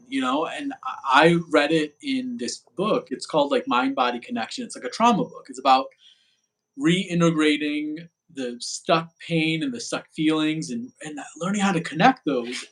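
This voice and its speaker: Halting, reflective male host. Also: a little high, fairly bright tone, rough recording. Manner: halting, reflective, many fillers. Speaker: podcast host. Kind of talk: casual interview chat.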